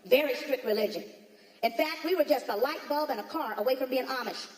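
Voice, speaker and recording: A woman performing a stand-up comedy routine on a theater stage, telling stories with punchy asides to the audience. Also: high voice. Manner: punchy, storytelling delivery with quick asides to the audience. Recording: echoey hall recording with crowd. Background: audience laughter.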